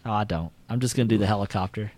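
A man's voice: on the low side, very fast, a little mellow, no echo. A man co-hosting a podcast in casual chat, joking and rambling, laughing often. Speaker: podcast co-host.

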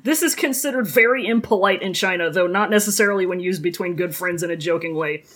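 A woman's voice: fairly low pitch, a bit bright. A woman co-hosting a podcast, playful and jokey, with some trouble in her throat. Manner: playful, joking, quick to laugh. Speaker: podcast co-host. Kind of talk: casual chat.

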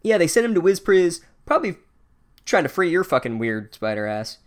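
A man's voice: a little high, big pitch swings, brisk, pitched above the performer's own voice. A man voicing a jittery, blunt teenage boy wizard, with exaggerated, profane lines. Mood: urgent.

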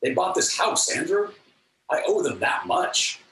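A man's voice: high voice, expressive, unhurried, fairly bright tone, slight background noise, voice pushed up. A man quoting a humble, friendly male rock guitarist in an offhand, down-to-earth way, lightly imitated in his own voice. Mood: easygoing. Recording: echoey room, voice from a distance.

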